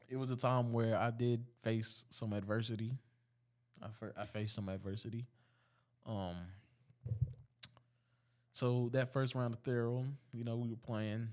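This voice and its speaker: A young man in his late teens, a high school student, casually telling a story in a laid-back way with frequent fillers and restarts. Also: a little mellow.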